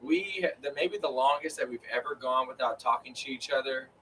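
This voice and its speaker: A man's voice: medium pitch, a little fast, fairly bright tone, far from the mic, slight background noise, low-quality recording. A man chatting casually on a live stream, rambling with lots of fillers. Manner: rambling, filler-heavy storytelling. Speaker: co-host of a live chat. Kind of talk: casual chat.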